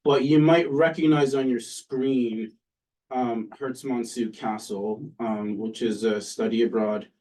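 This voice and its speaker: A man, a political science professor, giving an academic talk in a relaxed, conversational way with frequent pauses and "um"s. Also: mid-range voice, far from the mic, poor audio. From Canada. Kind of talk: academic lecture. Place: lecture room with an audience.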